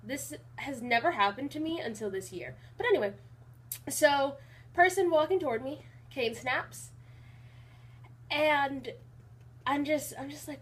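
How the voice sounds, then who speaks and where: Young woman vlogging, even and unemotional. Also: high voice, measured pace, long pauses. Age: young adult. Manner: even, not very emotional delivery; rambling with many fillers and restarts. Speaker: college vlogger. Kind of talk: casual vlog monologue.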